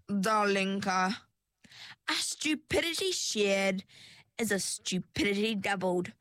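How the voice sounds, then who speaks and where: Lady playing a sweet-talking sly older woman, super slow and syrupy, dry sound. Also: medium pitch, fairly bright tone, dry recording. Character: sly sugary older woman, menacing underneath.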